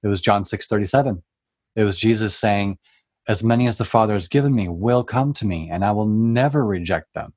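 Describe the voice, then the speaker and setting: A man with a lowish voice tells his faith story in an earnest, emotional way, stumbling and restarting. The sound is dry and close. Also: brisk, a little mellow, no room sound. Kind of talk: Christian testimony in conversation.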